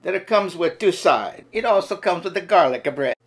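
Theatrical Italian waiter, a man doing the voice, high and loud, put-on Italian accent, sing-song. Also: lively intonation, moderate pace, husky, exaggerated voice. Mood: effusive.

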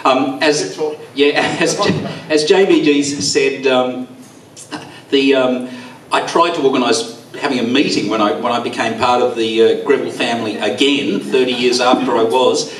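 A man giving a rambling, halting memorial speech, teary, with a quaver in his voice. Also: medium pitch, a little hiss or hum. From Australia. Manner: rambling, halting, with many fillers. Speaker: eulogy speaker. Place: bowls club hall. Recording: echoey room, far from mic.

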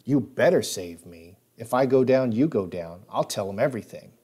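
A man voicing a menacing adult man who threatens everyone around him, speaking gruffly. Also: mid-range voice, expressive, moderate pace, warm tone. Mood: threatening. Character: menacing adult male abuser, the boy's father.

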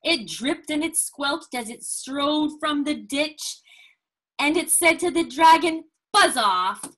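A woman reads a picture book aloud to a young child, in a high, bright voice. She reads very slowly and with lots of expression, gasping and asking questions to draw the child in. It sounds like a patient storybook session. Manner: slow, expressive, with gasps and prompting questions.

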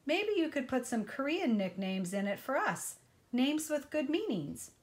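A woman's voice: high-pitched, very animated, measured pace, voice pushed up. A woman voicing a friendly, curious young schoolboy in a storybook reading.

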